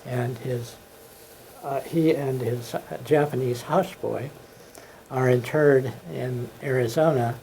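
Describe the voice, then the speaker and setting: Give me a hesitant man with a soft, dark voice speaking slowly. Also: medium pitch, steady tone, a little hiss or hum, poor audio. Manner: hesitant, halting. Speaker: guest. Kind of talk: casual conversation.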